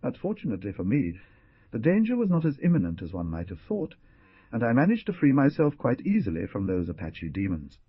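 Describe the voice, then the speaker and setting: A man voicing a calm, self-assured frontier scout in an audiobook western. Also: medium pitch, brisk, slightly rough, no echo, phone-quality sound, pitched above the performer's own voice, full character voice. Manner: calm, matter-of-fact. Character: calm half-breed scout, mocking and cool.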